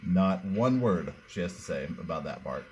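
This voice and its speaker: Man, very deep voice, sarcastic drawl, halting delivery, podcast host. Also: expressive, a little mellow, slight background noise. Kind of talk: political commentary podcast.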